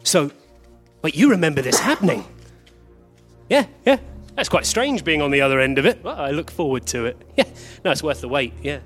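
A man's voice: a little high, big pitch swings, fairly bright tone, faint music behind. A man playing a flustered, bickering time traveller. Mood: confused, bickering. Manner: bickering, quick confused back-and-forth. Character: flustered male time traveller meeting copies of himself. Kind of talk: live comedy stage play. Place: theatre stage, recorded live.

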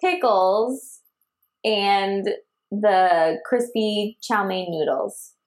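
A woman guest in casual podcast chat, giggling often and talking in an animated way. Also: mid-range voice, very slow.

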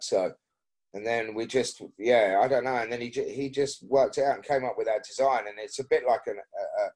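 Husky man rambling in casual chat. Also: medium pitch, brisk, darkish tone. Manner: rambling, swears often, many restarts. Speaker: podcast guest, BMX rider.

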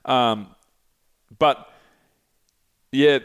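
Smooth-voiced Australian man, rambling. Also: medium pitch, extremely slow. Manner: rambling, swears freely, loses his thread. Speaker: podcast host. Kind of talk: casual chat.

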